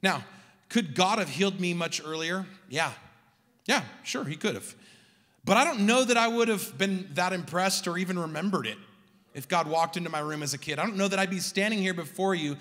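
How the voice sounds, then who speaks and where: Bright-voiced pastor preaching in a hall. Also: male voice, high-pitched, brisk. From Southern California. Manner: animated storytelling, rising to emphatic peaks. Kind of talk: sermon. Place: large church hall. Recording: long hall reverb.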